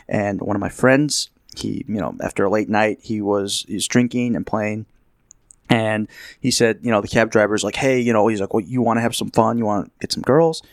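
A man's voice: on the low side, no echo. A man telling a long rambling anecdote in a casual chat, acting out what people said. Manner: rambling storyteller, acts out quotes. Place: Las Vegas.

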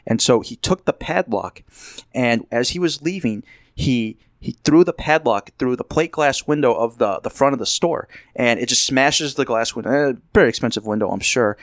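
A man's voice: medium pitch, animated, normal speed, no room sound. Man with a dry voice, rambling anecdote. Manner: rambling storyteller, acts out quotes. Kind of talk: casual anecdote. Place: Las Vegas.

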